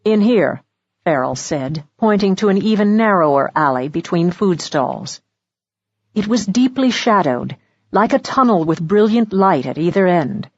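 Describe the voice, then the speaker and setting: A woman reads an audiobook in a steady, measured narration. Her tone is breathy and a little husky. The recording is dry and slightly dull. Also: on the low side, dry recording. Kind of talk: scripted narration.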